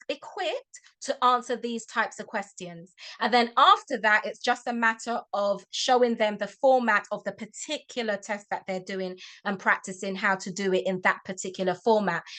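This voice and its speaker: A woman tutor speaks to a group of parents over a video call, with a fairly high voice. Her talk is chatty and encouraging, and she keeps checking in with a quick "okay?". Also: a bit bright.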